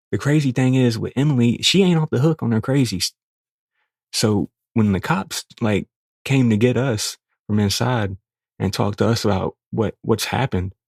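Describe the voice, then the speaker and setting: A young man, hosting a podcast and telling a crude, profane story in a casual, animated way. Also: on the low side, vocal fry, breathy edge, no room sound, studio quality. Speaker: podcast host.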